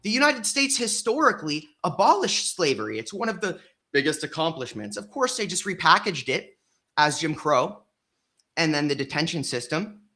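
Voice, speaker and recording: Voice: medium pitch, sing-song, normal speed, sharp tone. A guest on a live stream making indignant, emphatic points in discussion.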